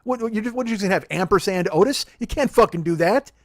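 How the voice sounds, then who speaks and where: A man's voice: high-pitched, animated, quick pace, dry recording. A man in his forties hosting a podcast, ranting in a profane, self-deprecating, rambling way. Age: 40s. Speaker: podcast host. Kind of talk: casual comedic rant. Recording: dry close-mic studio sound.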